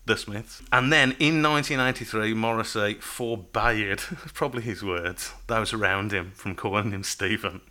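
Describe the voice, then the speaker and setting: A man hosting a casual music podcast, chatty and quick to laugh, reading notes aloud. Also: fairly low pitch, bright, forceful tone. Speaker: podcast host.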